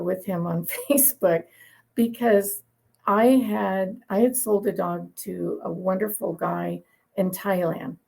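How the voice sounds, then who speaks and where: Gravelly, husky-voiced woman breeder. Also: mid-range voice, a little mellow, low-quality recording. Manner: chatty, opinionated, laughs while telling anecdotes. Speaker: dog breeder guest. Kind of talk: conversational interview storytelling.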